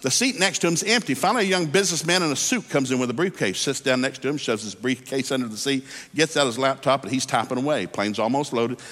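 A man's voice: mid-range voice, fast, few pauses, a bit bright. A man preaching a sermon, telling a folksy story and then calling people to prayer, recorded in a church hall. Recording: hall reverb.

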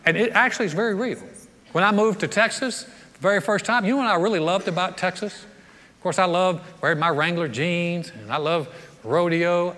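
Bright-voiced folksy pastor. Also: male voice, high voice. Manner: storytelling, jovial, folksy. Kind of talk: sermon. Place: large church hall. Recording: long reverb of a large church hall.

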